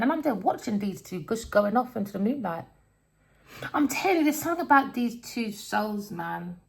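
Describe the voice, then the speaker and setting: A woman's voice: on the high side, animated, normal speed, creaky. A woman giving a casual tarot reading, blunt and rambling, swearing constantly as she tells stories. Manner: storytelling, rambling. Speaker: tarot reader.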